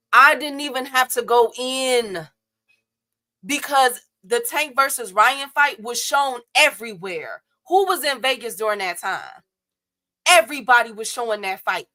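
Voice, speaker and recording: A young woman hosting a casual boxing livestream, talking straight to her chat viewers in a blunt, animated, slangy way. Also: on the high side.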